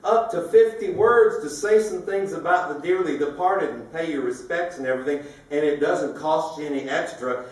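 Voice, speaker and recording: A man's voice: a little high, moderate pace, hardly any pauses, darkish tone, close to an everyday voice. A man voicing a friendly, helpful newspaper clerk. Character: polite young newspaper clerk. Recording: echoey hall from far off.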